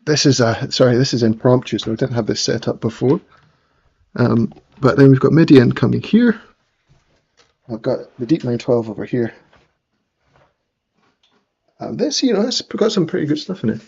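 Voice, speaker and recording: A man with a mild Scottish accent talks in a loose, rambling way, often restarting his sentences. His voice is husky and gravelly. The recording sounds dull and slightly muffled. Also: mid-range voice, animated, normal speed, long pauses, a little mellow. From Scotland. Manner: chatty, rambling, frequent restarts. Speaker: livestream host. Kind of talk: casual chat while working.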